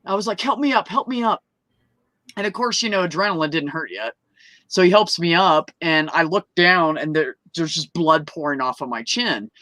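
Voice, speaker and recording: A woman telling a personal story at an open mic, animated, swearing freely and laughing mid-story as she acts out the people in it. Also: deep voice, normal speed, no echo. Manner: acts out quoted voices. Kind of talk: casual storytelling.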